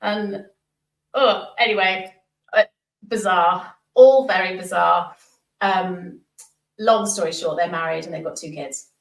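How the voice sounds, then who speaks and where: Casting note: woman, thirties, animated rambling storyteller, roomy sound, a bit off mic. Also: on the low side, slow pace, creaky, pauses often, distant mic. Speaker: podcast guest. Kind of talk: storytelling in casual chat.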